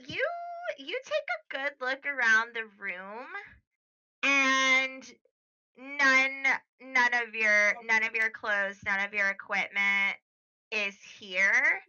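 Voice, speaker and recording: Halting, bright-voiced woman game master. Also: on the high side, smooth, lo-fi sound. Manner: halting, full of fillers. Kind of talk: narrating a tabletop game.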